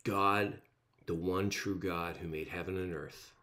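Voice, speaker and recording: Low-voiced man preaching with emphatic repeats. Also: steady tone, unhurried, bright, forceful tone. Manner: emphatic, repeats words for stress. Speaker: pastor. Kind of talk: sermon.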